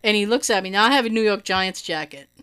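A woman with hearing loss in her right ear tells a story fast, her mid-range voice clear and resonant. It's a casual chat, and she's animated throughout, laughing often and acting out other people's words.

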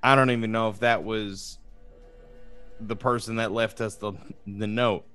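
A man's voice: on the low side, fairly even intonation, unhurried, fairly bright tone, clear, resonant tone, faint music behind. A man playing a tabletop game, describing his character and talking hesitantly. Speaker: player. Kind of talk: tabletop role-play chat.

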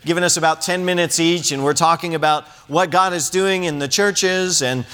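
A man from California preaching a sermon in a church, animated and humorous, often restarting his sentences. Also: fairly high pitch, moderate pace, smooth. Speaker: pastor. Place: church sanctuary.

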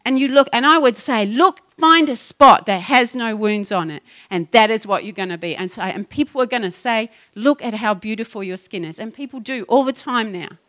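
A woman's voice: a little high, moderate pace, hardly any pauses. A middle-aged woman pastor preaching a passionate, rising sermon to her congregation. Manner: passionate, building to excited exhortation.

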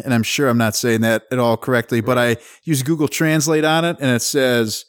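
A man's voice: mid-range voice, normal speed, hardly any pauses, no echo, studio quality. A man co-hosting a podcast, chatting casually about a film in a laid-back way. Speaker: podcast co-host. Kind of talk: casual chat recapping a film.

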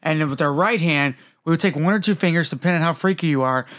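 A man's voice: a little high, fast talker, a bit bright. A man co-hosting a casual movie chat, cracking crude jokes. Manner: joking, crude humor. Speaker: podcast co-host.

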